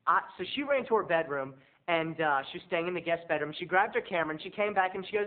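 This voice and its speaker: A man, a video blogger, telling a comic story to his viewers in an animated, theatrical way. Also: high voice, quick pace. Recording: tinny phone-like sound.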